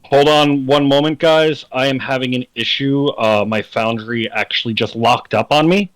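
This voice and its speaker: Man, dungeon master voice, slow and deliberate scene-setting, dead-dry home mic. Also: medium pitch, fairly even intonation, fairly bright tone, dry recording, low-quality recording. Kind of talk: narrating a tabletop game.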